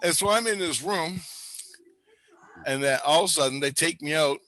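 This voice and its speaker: A man telling a wild story in casual chat, animated and profane, acting out what people said. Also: a little high, normal speed. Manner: animated, profane, acts out quotes.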